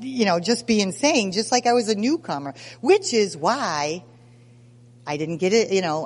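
A woman in her sixties telling stories at a recovery meeting, lively and self-mocking, acting out scenes as she goes. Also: mid-range voice, in a large hall. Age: 60s. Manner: animated, self-mocking storyteller who acts out scenes. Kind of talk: personal testimony at a recovery meeting.

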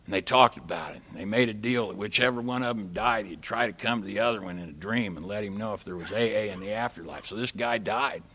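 Speaking to a recovery meeting, an older man with a lowish, pushed, bright voice and a breathy edge shares stories with the live group. He keeps it folksy and plain-spoken, cracking jokes and quoting others.

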